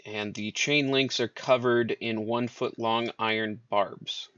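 A man narrating as dungeon master, describing scenes with many fillers and pauses. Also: fairly low pitch, fairly even intonation, fairly bright tone, no echo, muffled recording. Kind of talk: narrating a tabletop game.

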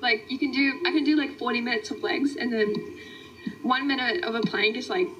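High-voiced young Australian woman livestreaming. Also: a little fast, fairly bright tone, a little hiss or hum. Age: young adult. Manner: friendly, reads out and answers viewer comments. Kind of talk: casual livestream chat. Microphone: phone. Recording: dull lo-fi phone stream, faint music.

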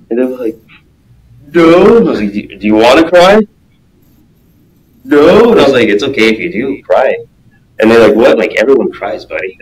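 A man talking as a guest in a casual podcast interview, a martial arts coach who speaks earnestly and acts out quotes in an animated way. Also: on the low side, rough recording.

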